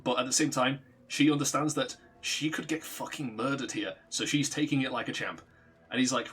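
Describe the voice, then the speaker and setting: A man casually recounting a tabletop game session, animated, swearing freely and laughing often. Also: medium pitch, normal speed, husky, soft background music. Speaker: streamer recounting a tabletop campaign. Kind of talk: casual storytelling.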